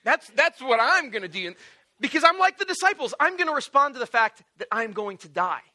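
A male pastor preaching a sermon in an animated, joking storytelling way, acting out little voices. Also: extremely high pitch, a little fast.

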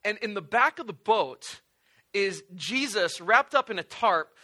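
A man preaching a sermon in a casual, animated storytelling way with playful asides. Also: high-pitched, measured pace. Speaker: pastor.

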